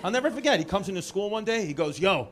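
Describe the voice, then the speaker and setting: A man with a New York accent doing stand-up crowd work in a comedy club, teasing people in the front row with loose, quick jabs. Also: high-pitched, lively intonation, background noise. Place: comedy club stage with a live audience. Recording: loud laughing crowd in a club.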